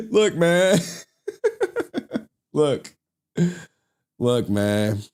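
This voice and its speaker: A male streamer riffs in loose, slangy commentary, breaking into laughs often. His pitch leaps widely between lines. It feels like an unscripted late-night chat. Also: a little mellow. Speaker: livestream host.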